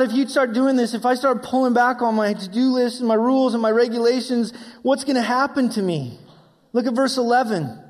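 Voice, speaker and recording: A man's voice: very high voice, a little mellow. A man preaching a sermon as pastor, voicing his listeners' questions and closing in prayer. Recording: long reverb of a hall.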